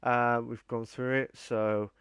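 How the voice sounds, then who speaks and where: A man's voice: medium pitch, level tone, takes it slowly, fairly bright tone, smooth. A man hosting a casual live-streamed podcast, rambling with many fillers and reading out viewer comments. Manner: rambling, lots of fillers and restarts. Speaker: podcast host.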